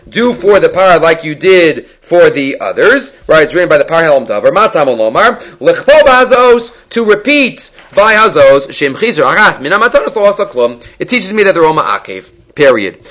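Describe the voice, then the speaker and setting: Male Talmud teacher, high voice, brisk explainer who repeats key points. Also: a bit bright. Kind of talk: Talmud study class.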